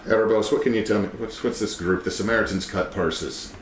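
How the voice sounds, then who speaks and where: A man playing a tabletop game, joking and swearing in quick casual back-and-forth. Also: on the low side. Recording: roomy room with faint background hum.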